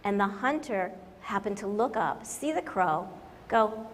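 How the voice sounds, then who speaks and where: A woman's voice: medium pitch, sing-song, measured pace. Joking woman speaker in a reverberant hall. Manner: joking, self-deprecating, emphatic. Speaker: conference speaker, business consultant. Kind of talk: humorous conference talk. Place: large conference hall. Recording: reverberant conference hall, faint noise.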